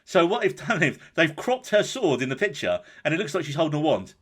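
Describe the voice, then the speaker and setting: A man's voice: fairly high pitch, a little fast. A man from England co-hosting a podcast, chatting casually and joking while reading out listener comments. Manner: lively, jokey, reads listener comments. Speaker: podcast co-host. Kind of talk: casual chat.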